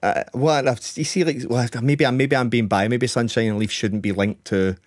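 A man's voice: mid-range voice, steady tone, no room sound, studio quality. A man appearing as a football analyst, giving opinionated takes in casual chat. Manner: rapid, opinionated.

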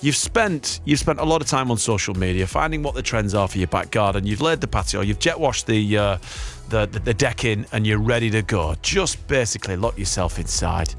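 A man's voice: on the low side, lively intonation, fairly quick, hardly any pauses, soft background music. A man hosting live radio from a studio, chatting in a jokey, rambling way and laughing often. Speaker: radio host. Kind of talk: live breakfast radio chat. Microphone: studio microphone.

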